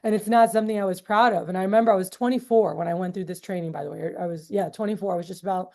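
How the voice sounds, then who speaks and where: A woman in her thirties talks casually to a group, full of "um" and "like," and slips into little quoted voices as she tells stories. Her voice is mellow and warm at a middle pitch. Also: steady tone, rapid-fire, vocal fry. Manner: chatty, heavy fillers like "um, uh" and "like"; acts out quoted voices in storytelling. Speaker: meeting leader.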